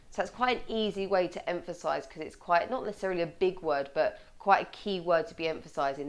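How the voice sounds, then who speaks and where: A woman presenting a communication tips video as a coach, with lively delivery and clearly stressed words. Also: on the low side, fast, hardly any pauses.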